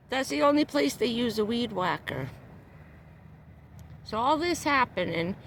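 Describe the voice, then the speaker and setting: Sitting in a parked car on a livestream, a female vlogger with a slightly high, creaky, fairly bright voice rants angrily. She's heated, profane and repetitive, upset and close to tears, with a little hiss or hum in the audio.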